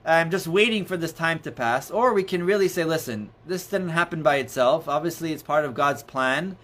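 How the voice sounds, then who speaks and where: A man's voice: on the high side, moderate pace, fairly bright tone. Man giving a rambling Torah class. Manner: conversational, many restarts and "you know"s, storytelling. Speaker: rabbi teaching a class. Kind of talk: informal Torah lesson. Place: indoors near books.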